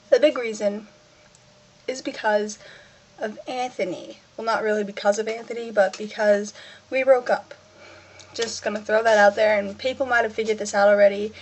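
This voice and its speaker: A teenage girl talking casually in a personal vlog, rambling and self-mocking, acting out what she and others said. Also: slight background noise. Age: teens. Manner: rambling, self-mocking, acts out her own quotes in a higher voice. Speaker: vlogger.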